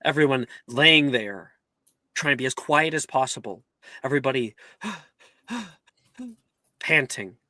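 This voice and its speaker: A man running a tabletop game as game master, narrating in an unhurried way with many ums and likes. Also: medium pitch, lively intonation, pushed and bright, no room sound.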